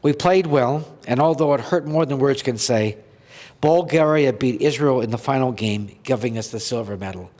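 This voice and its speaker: A man's voice: medium pitch, moderate pace, a little mellow. A man from Canada tells his playing story in an earnest, heartfelt way. His voice rings out with a long reverb tail, as if he is in a big hall. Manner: earnest, heartfelt, reads a list of names aloud. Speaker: podcast guest, former goaltender. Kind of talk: emotional storytelling.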